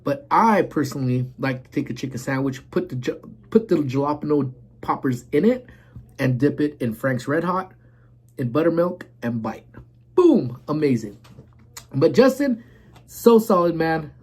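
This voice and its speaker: A man's voice: a little high, normal speed, a little mellow, husky. A man in his forties hosting a casual live stream, rambling and greeting viewers while eating.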